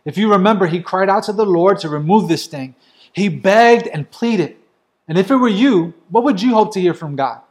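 A man's voice: sits high, animated, moderate pace, a little mellow. A man preaching a sermon, earnest and emphatic, driving his points home with lists of short phrases. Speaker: pastor.

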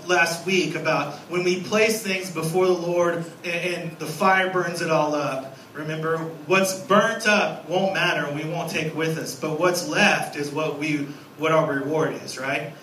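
A man in his thirties preaching a sermon as a guest pastor, lively and storytelling, acting out little scenes. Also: on the high side, a little slow, echoey room, recorded from a distance, a little hiss or hum, poor audio. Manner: animated, acts out scenes with a raised voice. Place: church sanctuary.

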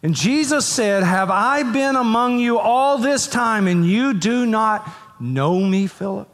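A man's voice: sits high, expressive, takes it slowly. A man, a pastor, preaching an emphatic sermon and leading the congregation to read verses aloud with him. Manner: emphatic, repeats phrases, leads the congregation to read along. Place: church sanctuary. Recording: long reverb of a large hall.

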